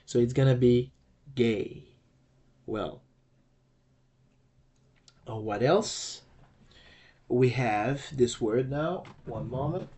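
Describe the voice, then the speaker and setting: A man giving a slow, measured online language lesson in a mid-range voice. He stumbles and restarts phrases as he explains. He calls out each example word loudly, twice. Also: medium pitch, breathy edge. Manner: halting, restarts and repeats words while explaining. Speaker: language teacher.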